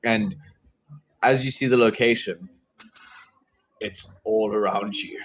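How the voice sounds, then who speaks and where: Low-voiced rambling game master man. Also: slow pace, poor audio. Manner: searching for words, many fillers and restarts. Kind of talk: narrating a tabletop game.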